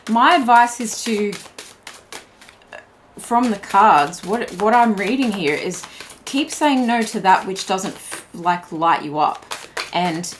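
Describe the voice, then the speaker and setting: A woman's voice: mid-range voice, a little hiss or hum. A young woman giving a pick-a-card tarot reading in a chatty, meandering way, full of "like" and restarts. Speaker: tarot reader.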